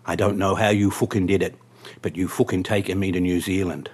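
A man's voice: sits low, steady tone, brisk, a little mellow, husky. A man doing a drunk Irish passenger. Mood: indignant. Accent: put-on Irish. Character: drunk, confused young Irish man, angry.

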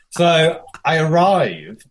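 A man, chatting as a podcast guest and telling a story with lively, freely swearing delivery and acted-out dialogue. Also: on the high side, very slow. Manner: animated, swears freely, acts out quoted dialogue. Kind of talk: casual storytelling chat.

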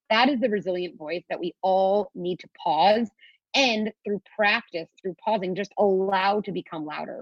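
As a guest expert on parenting, a woman speaks in a podcast interview, coaching earnestly through her ideas and now and then voicing a child's inner thoughts in a sing-song. Her voice is lowish, and the podcast recording is dull and dry, with no echo.

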